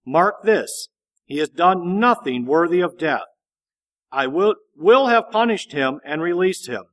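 A man's voice: fairly high pitch, lively intonation, unhurried. A man reading as a stern Roman governor. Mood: grave.

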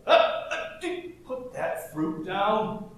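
A man's voice: high-pitched, very animated, drawn-out words, vocal fry, voice pushed up, full character voice. A man voicing God as a casual, joking creator, heard through a very echoey room from a distance. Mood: wry. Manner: joking, offhand.

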